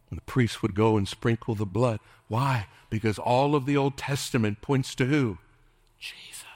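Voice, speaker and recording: A middle-aged man preaching a sermon as pastor, impassioned, calling out to the congregation and at times dropping to a hushed whisper. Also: medium pitch, no room sound. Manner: calls out to the congregation for responses.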